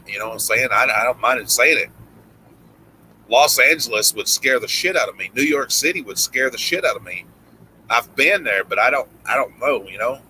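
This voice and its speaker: A man's voice: medium pitch, lively intonation, normal speed, bright, forceful tone, slight background noise, low-quality recording. A middle-aged man with a Tennessee country accent, chatting casually on a live stream and rambling through fillers and restarts. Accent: Southern US, Tennessee. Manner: rambling, frequent "you know" fillers and restarts. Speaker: livestream host.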